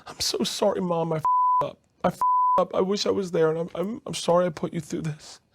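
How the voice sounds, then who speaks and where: A man's voice: mid-range voice, huge pitch swings, normal speed, darkish tone, breathy edge. A man voicing his late friend, reborn as a crying baby, tearfully begging his mother for forgiveness. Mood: pleading, remorseful. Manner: tearful, pleading apology. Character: dead young man reborn as a baby, pleading.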